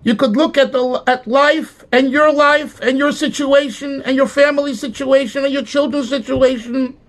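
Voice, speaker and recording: A man preaching a sermon with rising passion and emphatic cries, phrasing his words slowly and deliberately. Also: extremely high pitch, steady tone. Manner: impassioned, swelling to emphatic cries. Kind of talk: sermon with sung melody.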